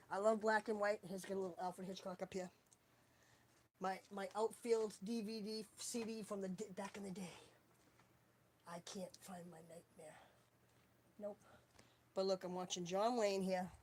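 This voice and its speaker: A woman's voice: mid-range voice, slight background noise. Rambling, chatty woman on a home live stream. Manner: chatty, wandering, searches while talking. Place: at home, indoors.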